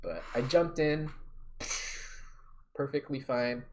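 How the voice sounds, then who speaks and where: A young man casually telling a story to camera, talking in slang and getting louder and more animated at the exciting parts. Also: medium pitch, slow, slight background noise. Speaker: storyteller vlogger.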